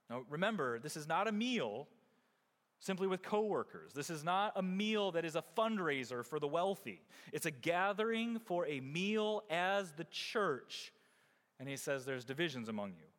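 Male pastor, emphatic preacher with a lively voice, sermon in a reverberant sanctuary. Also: a little high, unhurried. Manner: emphatic, rising and falling preaching delivery.

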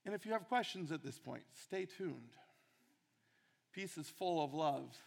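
A man's voice: a little high, animated, measured pace, vocal fry, in a large hall. A man preaching a sermon, earnest and emphatic, repeating key phrases for weight.

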